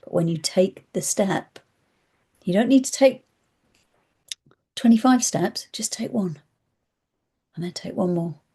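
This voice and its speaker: Middle-aged woman, spiritual advisor talking to camera; warm, breathy, expressive, with whispered asides. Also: medium pitch, slow pace, long pauses. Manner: animated storytelling, acts out anxious inner voices, drops to hushed whispers.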